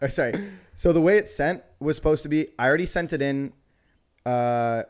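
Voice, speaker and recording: Ein Mann mit mittlerer Stimmlage erzählt locker in einem Podcast eine Geschichte. Er liest dabei Chatnachrichten vor und lacht oft zwischendurch. Sein Ton bleibt entspannt und gesprächig. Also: male voice, mid-range voice, fast talker, darkish tone. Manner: storytelling, reads out chat messages, laughs often. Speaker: podcast co-host. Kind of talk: casual chat.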